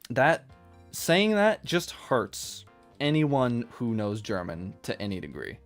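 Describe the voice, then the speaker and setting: A man chatting casually on a live stream while he draws manga, rambling and quick to laugh at his own jokes. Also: medium pitch, lively intonation, vocal fry. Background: faint music playlist.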